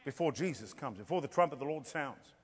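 A man's voice: medium pitch, expressive, fast, husky. A man with an African accent preaching a sermon, telling stories and building to fervent emphasis. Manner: storytelling, rising to fervent emphasis. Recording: long hall reverb.

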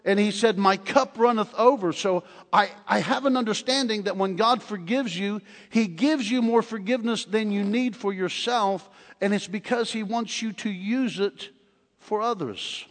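An older man preaching a sermon in a church, telling stories with animated humor. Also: high voice, moderate pace. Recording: long hall reverb.

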